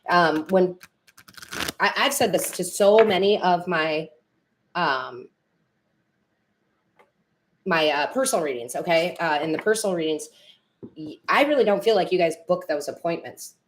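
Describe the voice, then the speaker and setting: A woman's voice: fairly low pitch, unhurried, pauses often, a little hiss or hum. A woman tarot reader and medium chatting with viewers on a live stream, rambling and correcting herself, teary and emotional.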